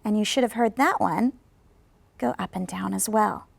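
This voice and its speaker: A woman professor teaching English pronunciation in a video lesson, speaking patiently and slowing down on model sentences for students to repeat. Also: medium pitch, gravelly. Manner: patient, instructive. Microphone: studio microphone.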